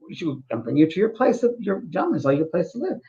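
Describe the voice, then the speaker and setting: A man voicing Saint Peter as a calm, stern heavenly gatekeeper who speaks in a patient, matter-of-fact way while telling a story. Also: high voice, quick pace, muffled recording. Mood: coaxing.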